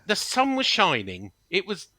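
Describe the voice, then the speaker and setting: A man's voice: high voice, wildly swooping pitch, measured pace, bright, forceful tone, slight background noise. A man hosting a podcast in casual chat, jokey and often stumbling over his words. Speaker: podcast host.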